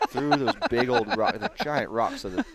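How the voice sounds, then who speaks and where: A middle-aged man, a racing driver, telling a story in casual chat with lively voices for the people in it. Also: mid-range voice, normal speed, a loud crowd. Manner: animated, acts out voices of others, laughs through story.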